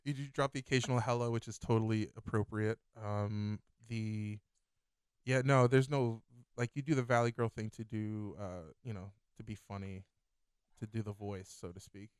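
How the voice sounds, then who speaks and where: Smooth-voiced man podcast cohost. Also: fairly low pitch, fairly even intonation, normal speed, dry recording. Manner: easygoing reassuring, with fillers. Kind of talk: casual chat.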